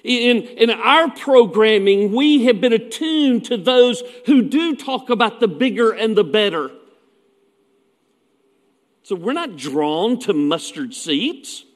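A man's voice: high-pitched, expressive, takes it slowly, big-room sound. A man preaching a sermon as pastor, telling stories in a folksy way with asides.

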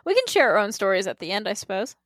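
A woman's voice: mid-range voice, big pitch swings, fast talker, fairly bright tone, dry recording. Woman, podcast co-host, casual chat, giggly, dry close sound. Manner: giggly, short replies.

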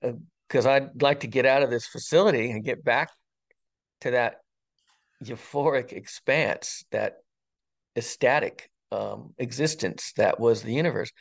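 A man in his sixties, an interview guest and retired fire captain, tells a personal story in an earnest, wondering way with frequent ums and pauses. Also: mid-range voice, gravelly. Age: 60s.

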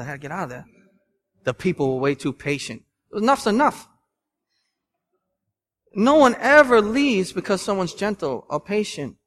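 A man in his thirties preaching a sermon as pastor in a church, earnest and emphatic, now gentle and now rising to loud bursts. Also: fairly high pitch. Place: church sanctuary.

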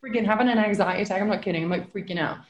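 A woman's voice: mid-range voice, very fast. A woman, a former pro wrestler, telling stories in a casual group chat, full of "like" fillers and frequent swearing. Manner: chatty, many "like" fillers, swears freely. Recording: echoey room.

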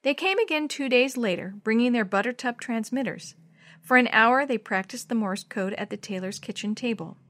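A woman's voice: fairly high pitch, lively intonation, normal speed, a bit bright. A woman reading a children's chapter book aloud in a scripted narration, lifting her voice for the dialogue. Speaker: storybook reader.

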